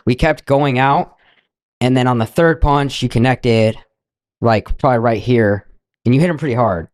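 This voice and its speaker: A man's voice: medium pitch, normal speed, a little mellow, dry recording. A young man co-hosting a podcast, casually retelling a night out in a loose, profane way with quoted asides. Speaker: podcast co-host. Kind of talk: casual storytelling.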